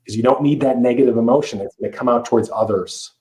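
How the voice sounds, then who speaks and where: Middle-aged male life coach, podcast guest, earnest and emphatic, average pitch. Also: fast, a little mellow, rough recording. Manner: earnest, emphatic, with many restarts. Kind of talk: podcast interview.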